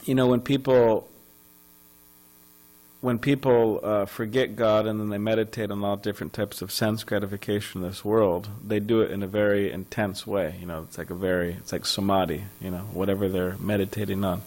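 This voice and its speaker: Guy giving a temple scripture class, kinda low voice, rambly with lots of uhs, mains hum in the back. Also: level tone, moderate pace, a little mellow, poor audio. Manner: rambling, conversational storytelling with many fillers and restarts. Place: temple hall.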